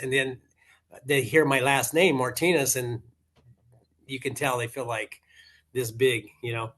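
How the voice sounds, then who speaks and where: A man's voice: mid-range voice, fairly even intonation, a little slow, pauses often, a bit bright. 60s guy from colorado on a zoom call, kinda rambly, laughs a lot. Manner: rambling, laughs easily, repeats words. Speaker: contractor client. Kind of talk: casual video call chat. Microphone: video call.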